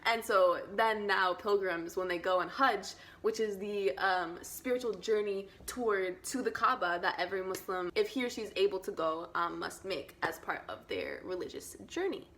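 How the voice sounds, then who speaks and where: A young woman vlogger retelling an old story in casual slang, excitable, and now and then dropping to a whispered aside. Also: medium pitch, moderate pace, few pauses, a little hiss or hum. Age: young adult.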